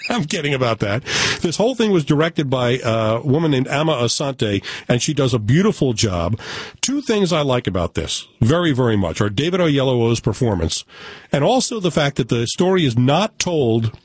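A man's voice: mid-range voice, sing-song, normal speed, husky, no room sound. A man from the United States giving a casual, opinionated film review with joking asides. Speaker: film critic.

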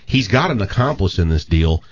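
Brief: low-pitched man, animated storyteller, dull lo-fi recording. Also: a little fast. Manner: animated storyteller with many restarts. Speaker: co-host telling a story. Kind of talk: casual chat, storytelling.

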